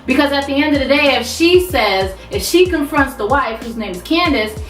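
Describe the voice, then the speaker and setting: A woman recapping a TV episode in a casual, profane, animated vlog, talking back to the characters. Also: sits high, moderate pace, recorded from a distance, faint music behind. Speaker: TV recap vlogger. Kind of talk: casual recap with quoted voices. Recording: roomy sound, away from mic.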